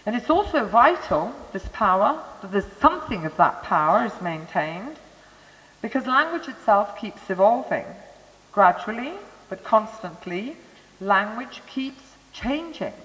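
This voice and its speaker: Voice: medium pitch, big pitch swings, a little slow, fairly bright tone. Lecturer in a reverberant hall. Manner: thoughtful, chatty asides to the audience. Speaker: lecturer on Montessori education. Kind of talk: conversational lecture. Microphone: microphone.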